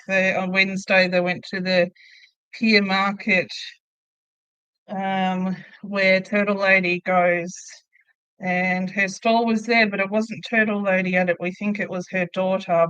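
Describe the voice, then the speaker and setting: Middle-aged woman, relaxed crochet-stream host, chatty and laughing often; muffled, dry home-mic sound. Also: medium pitch, smooth, no echo. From Australia. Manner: chatty, laughs often, answers viewer comments aloud. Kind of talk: casual live chat while crocheting.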